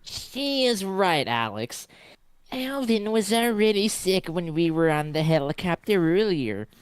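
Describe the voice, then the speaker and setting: A woman reading fanfic lines aloud in a measured, earnest way. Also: on the low side, big pitch swings, clean tone, no echo. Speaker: fanfic reader. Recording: dry close-mic sound.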